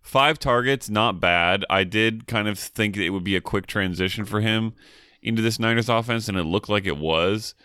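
A man co-hosting a podcast, giving quick, animated opinions in casual sports chat. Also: on the low side, clean tone, no echo, studio quality. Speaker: podcast co-host.

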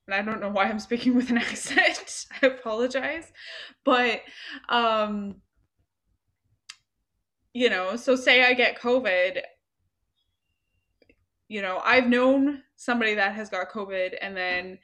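A woman's voice: a little high, unhurried, long pauses, a bit bright. A young woman co-hosting a casual chat podcast, rambling with lots of fillers and repeating herself. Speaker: podcast co-host.

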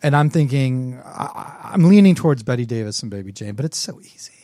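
A man's voice: mid-range voice, lively intonation, fairly quick, dark tone, dry recording, studio quality. A man joining a talk show as guest co-host, trading playful banter. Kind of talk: casual chat show banter.

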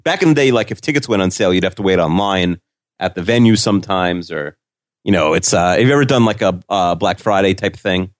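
A man with a fairly low voice chats about an episode in a meandering way, stopping and restarting his sentences and filling gaps with "like." The sound is dry and close to the mic. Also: animated, a little fast, dry recording. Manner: rambling and hesitant, full of "like" and restarts. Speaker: podcast co-host. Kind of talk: casual episode recap chat.

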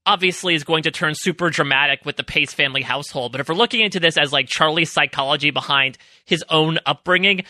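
High, bright-voiced joking male co-host. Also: quick pace, few pauses, no room sound. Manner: joking, loose and talkative. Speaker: podcast co-host. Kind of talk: casual podcast chat.

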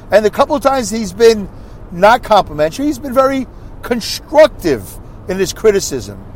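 Male podcast host, casual monologue, rambling, animated, slightly high voice. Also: slight background noise. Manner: rambling and animated, with mocking asides. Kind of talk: casual monologue reading listener comments.

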